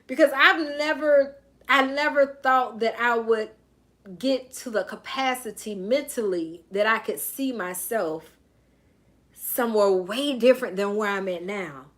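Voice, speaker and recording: A woman's voice: on the high side, a little slow, fairly bright tone. A woman with a Southern US accent, a life coach reading a book aloud on a live stream and chatting with viewers. She greets them by name and breaks into playful sing-song asides.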